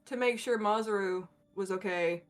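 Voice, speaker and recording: A woman's voice: mid-range voice, moderate pace, soft background music. A woman chatting and joking as a player in a tabletop game. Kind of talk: casual chat in a tabletop game.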